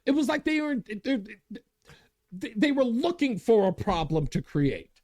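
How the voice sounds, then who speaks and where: A man hosting his own show, talking in an excited, worked-up way and laughing at himself. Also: unhurried. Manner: worked-up, laughing at himself, big pitch swings. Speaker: radio show host. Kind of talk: animated commentary monologue.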